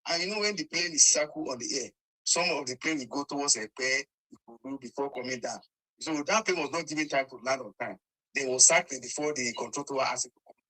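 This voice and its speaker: Bright, fast-talking man. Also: medium pitch, low-quality recording. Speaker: interviewee.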